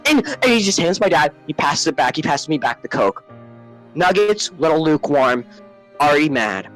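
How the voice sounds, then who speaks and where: A man telling a comic story, profane and exaggerated, swinging from hushed murmurs to shouted rants. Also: on the high side, very animated, normal speed, soft background music, poor audio. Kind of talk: comedic storytelling.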